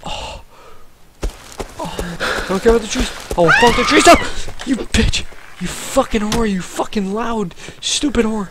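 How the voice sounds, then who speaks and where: A man's voice: high voice, animated, normal speed. A man playing a horror game and commenting, swearing a lot and trash-talking the monsters. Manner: profane, trash-talking, jittery. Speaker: let's play gamer. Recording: noisy home recording.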